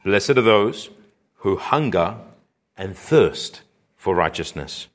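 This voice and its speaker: A man preaching a sermon, speaking slowly and earnestly, with his voice rising whenever he quotes scripture. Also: lively intonation. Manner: earnest, rising in pitch and intensity when quoting scripture; slow, deliberate phrasing with repeated restarts.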